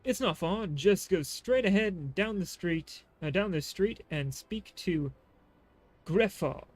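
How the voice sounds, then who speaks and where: A man's voice: sits high, expressive, a little slow. A man voicing a blunt, worldly male guide in a game, tripping over his read lines. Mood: instructive.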